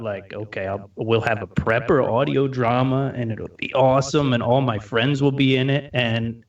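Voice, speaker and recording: A man's voice: mid-range voice, distant mic, highs cut off. A man talking as a podcast guest in easygoing, rambling chat, often laughing. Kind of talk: casual chat.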